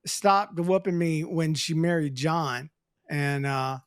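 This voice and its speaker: High-voiced man hosting a podcast. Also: slow, clear, resonant tone, no room sound, studio quality. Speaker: podcast host. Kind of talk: casual chat and reading a listener's story.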